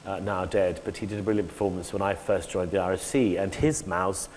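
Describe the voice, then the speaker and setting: A man's voice: deep voice, fairly quick. A man, an actor, talking animatedly about his stage work in a public conversation, often breaking off and acting out lines. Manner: animated, self-interrupting, acts out quoted lines. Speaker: actor, interview guest. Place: lecture hall before an audience. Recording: echoey hall with faint noise.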